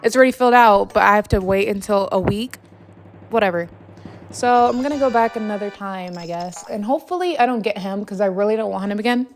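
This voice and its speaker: A woman's voice: medium pitch, a little fast, soft background music. A young woman vlogger telling a story in a long, exasperated, rambling rant full of fillers while she plays a game. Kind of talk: casual late-night gaming rant. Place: home, at night.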